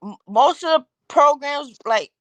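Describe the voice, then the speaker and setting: A woman's voice: high-pitched, lively intonation, unhurried, fairly bright tone, dry recording. A woman hosting a live talk show, rambling through her opinions and asking the audience one rhetorical question after another. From Caribbean. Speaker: host.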